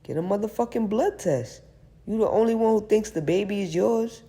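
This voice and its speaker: A woman's voice: mid-range voice, moderate pace, mellow, pitched above the performer's own voice, lightly acted. A woman voicing a brash, slangy male friend who mocks his buddy over the phone in an audiobook. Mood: blunt.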